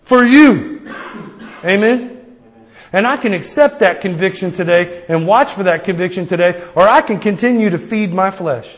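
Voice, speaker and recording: A man's voice: sits high, moderate pace. Man preaching in a reverberant hall. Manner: call-and-response asking amen; personal, plain-spoken exhortation. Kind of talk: sermon.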